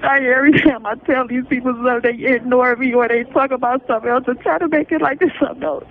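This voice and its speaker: Over a tinny phone line with faint noise, a man pleads for public support, exhausted and emotional, laughing nervously between words. His voice is very high, steady and gravelly, and he talks fast.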